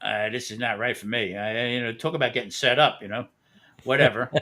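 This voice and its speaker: A man's voice: medium pitch, steady tone, a little fast, sharp tone. A man hosting a live stream who tells a long, profane anecdote with frequent laughter. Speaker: host. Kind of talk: casual storytelling on a live stream.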